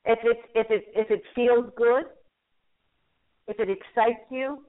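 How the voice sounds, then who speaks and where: A woman hosting a call-in radio show, passing on angel messages and card readings with gentle, repetitive reassurance. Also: on the high side, steady tone, a little slow. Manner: repeats messages she says she hears, gentle reassuring advice. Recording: lo-fi phone-line audio.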